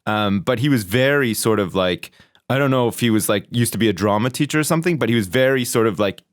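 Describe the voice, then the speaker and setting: A British man chatting on a podcast, his pitch swinging widely as he tells stories and mimics people in a squeaky voice. The sound is dry and close, with no room around him. He swears freely and keeps a loose, laughing tone. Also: fast talker, no room sound. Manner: swears a lot, animated, acts out quotes in a high voice. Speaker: podcast co-host. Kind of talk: casual storytelling chat.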